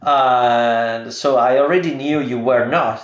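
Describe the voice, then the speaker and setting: A man's voice: mid-range voice, steady tone, slow, echoey room, highs cut off. A man with an Italian accent, a guest in an interview, talking hesitantly with many fillers. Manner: hesitant, with frequent fillers and soft laughs. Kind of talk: conversational interview.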